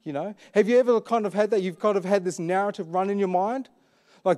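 Male pastor, high mellow voice, chatty questioning sermon delivery. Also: fairly quick. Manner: conversational, questioning, frequent fillers.

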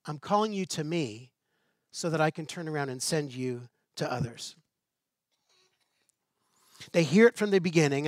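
A man preaching in a relaxed, talky manner, pitched a little higher than most men. He leans on rhetorical questions and light asides to his congregation. The sound is dry, with almost no room around it. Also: moderate pace, long pauses, dry recording. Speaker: pastor. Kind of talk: sermon.

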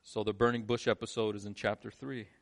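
A male pastor preaching a sermon, shifting between quiet, low lines and emphatic, rising ones. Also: flat delivery, a little fast, gravelly.

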